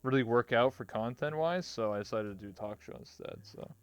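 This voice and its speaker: A man's voice: mid-range voice, fairly quick, clear, resonant tone. A young man hosting a casual interview show, loose and swearing, acting out quotes as he talks. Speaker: talk show host.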